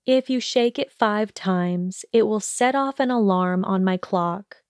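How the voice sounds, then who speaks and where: A woman voicing an earnest, anxious young witch who speaks softly and hesitantly in an audiobook reading. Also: medium pitch, a little slow, clear, resonant tone, dry recording, studio quality, natural voice. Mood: careful. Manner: soft, hesitant, careful.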